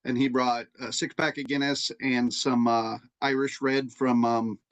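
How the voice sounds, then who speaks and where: A man's voice: mid-range voice, little pitch movement, a little slow. Rambling, swearing man on a podcast. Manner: rambling, profane storytelling with many restarts. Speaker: podcast co-host. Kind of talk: casual chat.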